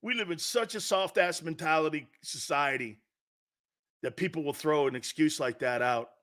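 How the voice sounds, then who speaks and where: A middle-aged sports talk show host preaches his opinions at normal speed in a fired-up, profane rant. He swings between loud outbursts and low, intense asides, repeating lines for emphasis.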